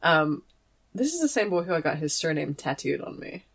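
A woman's voice: low voice, very animated, a little fast, gravelly. Rambling young woman telling a story. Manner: rambling, self-deprecating, giggly. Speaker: podcast guest. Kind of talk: casual storytelling.

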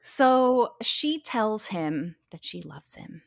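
A woman's voice: medium pitch, animated, slow pace, vocal fry, dry recording, clean studio sound. A woman co-hosting a podcast, recapping a show in casual, profane chat with quoted asides. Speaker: podcast co-host.

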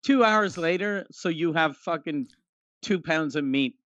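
A man co-hosting a casual comedic podcast, telling crude jokes in a dry, deadpan way. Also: fairly high pitch, measured pace, no room sound, lo-fi sound. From Canada. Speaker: podcast co-host.

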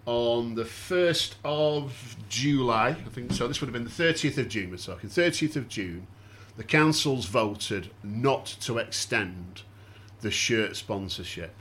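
A man hosting a podcast, walking listeners through events in a steady, explanatory casual chat. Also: mid-range voice, unhurried, hardly any pauses. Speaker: podcast host.

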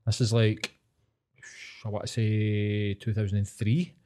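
A man's voice: on the low side, level tone, measured pace, mellow, clean tone. A man with a Glaswegian accent, co-hosting a podcast, chatting casually and telling sweary stories, acting out the people in them. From Scotland. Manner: sweary, storytelling, acts out quoted voices. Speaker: podcast co-host. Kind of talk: casual chat.

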